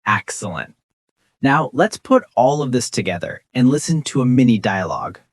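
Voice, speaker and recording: A teacher gives a scripted beginner lesson in an encouraging tone. The pitch moves a lot, rising and falling. Example phrases are spoken slowly and clearly. The sound is dry and close, with no room echo. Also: big pitch swings. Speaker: English teacher.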